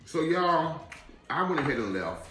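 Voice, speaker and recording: A man's voice: a little high, big pitch swings, unhurried, echoey room, noisy background. A man telling a rambling personal story to viewers in a casual, chatty way while eating. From Atlanta area, USA. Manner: chatty, addresses viewers directly, digressive. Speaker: vlogger.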